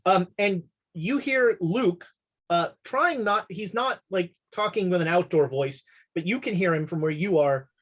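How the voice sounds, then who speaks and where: Acting as game master for a tabletop horror game, a woman narrates with a lowish voice. She sounds relaxed but halting and uses many fillers.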